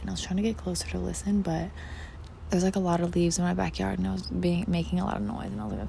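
Young woman host, low and gravelly, mellow; rambling casual podcast chat with a faint outdoor hum behind. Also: flat delivery, fast talker. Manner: rambling, casual, swears freely, filler-heavy. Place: outdoors in a backyard. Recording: faint outdoor background noise. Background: outdoor ambience.

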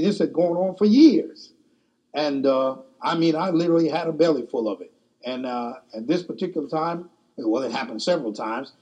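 A man's voice: fairly high pitch, darkish tone, husky. A man preaching a sermon, telling a personal story in a folksy, colloquial way.

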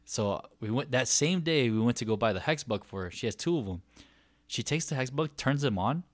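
In a clean recording with no room sound, a thirtysomething podcast co-host speaks briskly in a mid-range voice. He's an animated storyteller in casual chat, laughing and performing the lines he quotes.

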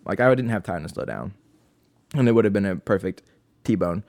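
A man's voice: lowish voice, expressive, normal speed, creaky, a little mellow. A young man telling a story in casual chat as a podcast co-host, laughing often.

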